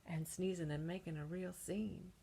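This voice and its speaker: A woman's voice: lowish voice, steady tone, normal speed, creaky, warm tone. A woman voicing a male wolf who tells his own side of a children's story, conspiratorial and cheeky. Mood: sly. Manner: conspiratorial storytelling, with gasps and sneezes.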